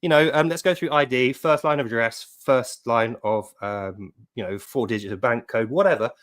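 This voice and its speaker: A man's voice: mid-range voice, moderate pace, a bit bright, voice pushed down, lightly acted. A man putting on a pompous fake French official. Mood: breezy. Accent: mock French. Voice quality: overly polite, mock-formal.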